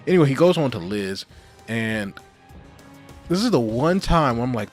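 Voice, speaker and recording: A man giving a casual spoken review of an animated show, animated and full of swearing. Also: mid-range voice, moderate pace, long pauses, soft background music. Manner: animated, heavy swearing, frequent laughs.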